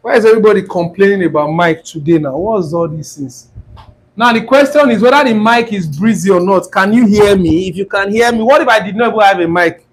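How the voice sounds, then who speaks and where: A Nigerian-accented man runs a casual live-stream forex trading class, mixing Pidgin with English and teasing viewers. His voice is high and fairly quick, picked up by a clip-on mic near his throat, with wind noise and poor audio.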